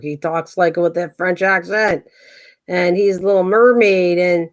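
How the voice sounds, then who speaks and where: An older woman hosts a relaxed craft livestream, chatting as she works. She thinks out loud, wanders between small tasks and greets viewers by name in an easy, homey way. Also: fairly low pitch, unhurried. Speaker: craft channel host. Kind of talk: casual livestream chat while crafting.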